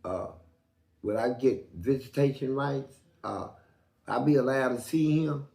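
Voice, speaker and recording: A man appearing as an interview guest tells stories in profane street slang, speaking unhurriedly in a creaky voice. He animates them by acting out the quoted voices with big pitch jumps, and the room sounds echoey.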